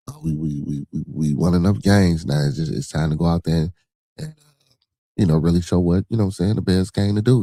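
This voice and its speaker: A man's voice: sits low, dark tone, dry recording. A man hosting a podcast, rambling in casual talk with lots of fillers and blunt swearing. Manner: rambling, frequent filler phrases, blunt and profane. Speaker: podcast host. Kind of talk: casual livestream talk answering chat.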